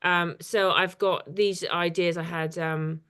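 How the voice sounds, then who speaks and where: A woman's voice: lowish voice, steady tone, takes it slowly, a bit bright, clear, resonant tone. A woman artist leading an informal poetry workshop over a video call, chatty and hesitant, with lots of ums. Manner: chatty, hesitant with many fillers.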